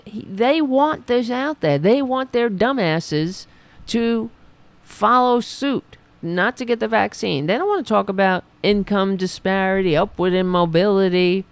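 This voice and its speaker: A woman hosting a political commentary show, reading news items and breaking off into sarcastic, profane rants in a slightly raspy voice. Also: mid-range voice, unhurried, no echo. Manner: sarcastic, profane, reads news then riffs.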